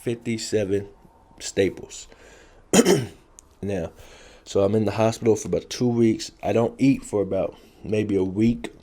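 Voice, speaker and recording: A man's voice: fairly low pitch, steady tone, measured pace, long pauses, warm tone. A man telling a story from his past in blunt, profane street talk, repeating key phrases for effect. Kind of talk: casual street storytelling to camera.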